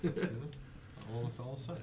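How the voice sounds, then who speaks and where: A man playing a tabletop game, making quick joking asides. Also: medium pitch, echoey room, a crowd in the background. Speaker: player. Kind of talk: casual chat.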